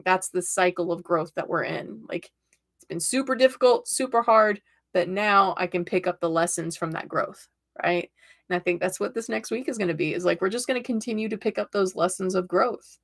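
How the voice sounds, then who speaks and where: A woman with a slightly gravelly, fry-tinged voice hosting a relaxed tarot livestream. She talks in an upbeat, chatty way, telling stories and often checking in with her viewers. Her pitch sits in a middle range. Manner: upbeat, chatty, storytelling with many "right?" tags. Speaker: tarot reader and livestream host. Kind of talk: casual livestream chat.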